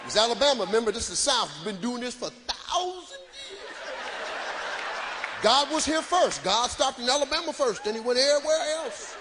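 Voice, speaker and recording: A man performing live stand-up comedy, loud and animated, shouting punchlines to the crowd from a stage. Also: very high voice, brisk, background noise. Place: stage before a live audience.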